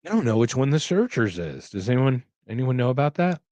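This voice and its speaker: A man hosts a casual livestream podcast and answers chat questions in a loose, joking ramble full of restarts. He talks at a middle pitch into a close microphone. The sound is dry and close. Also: very animated, fairly quick, darkish tone, no echo. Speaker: podcast host.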